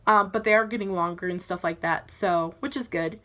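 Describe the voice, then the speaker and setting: A woman's voice: lowish voice, a little fast. Giggly young woman telling a vlog story. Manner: giggly, animated, acts out quoted voices. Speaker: vlogger. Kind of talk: casual storytelling to camera.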